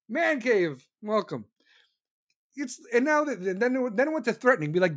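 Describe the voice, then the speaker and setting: Fast and fired up, this host delivers sarcastic, profanity-laden commentary at a middle pitch with big swings in intonation. He keeps pounding the same points and breaks into mocking imitations of officials.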